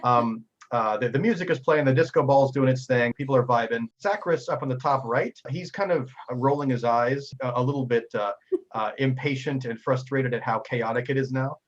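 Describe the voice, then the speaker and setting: A man narrating a tabletop game as game master, a lively storyteller who often stumbles and repeats words. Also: mid-range voice, normal speed, muffled recording.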